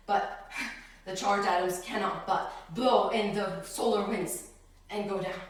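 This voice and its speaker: A woman preaching in an emphatic religious talk, laughing often and swinging between loud outbursts and hushed words. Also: mid-range voice, fairly even intonation, unhurried. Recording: roomy, far from the mic.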